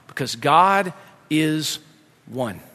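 A man's voice: on the high side, expressive, very slow, bright, forceful tone. A middle-aged man preaching a sermon, telling a family story and acting out his kids' voices with lots of animation. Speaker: pastor. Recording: long hall reverb.

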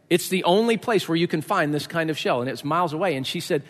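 A man's voice: a little high, quick pace, hardly any pauses. A male pastor preaching a sermon in a conversational, joking way with many fillers. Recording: echoey hall.

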